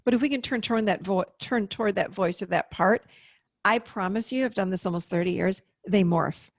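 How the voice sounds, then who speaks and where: A woman in her fifties, a therapist, explaining in an animated way during an interview. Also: mid-range voice, brisk, creaky, dry recording, clean studio sound. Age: 50s. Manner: animated, explaining with acted-out inner voices. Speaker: therapist and podcast guest. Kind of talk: interview conversation.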